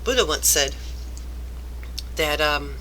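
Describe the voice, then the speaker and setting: A woman's voice: low voice, expressive, slow pace, bright, forceful tone, slight background noise. A woman vlogger ranting about work, rambling and exasperated, turning self-reflective. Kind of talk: rambling personal rant to camera.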